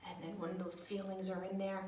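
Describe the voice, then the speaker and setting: A woman teacher guiding young children through breathing exercises in a gentle, sing-song, encouraging way. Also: mid-range voice, little pitch movement, fairly quick, noisy background. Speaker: preschool teacher. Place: room at home. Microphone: camera at a distance. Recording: echoey room, mic far off.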